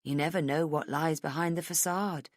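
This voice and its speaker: A woman voicing an older, wistful schoolteacher who speaks softly. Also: deep voice, fairly even intonation, normal speed, dry recording, clean studio sound. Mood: musing. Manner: soft, musing.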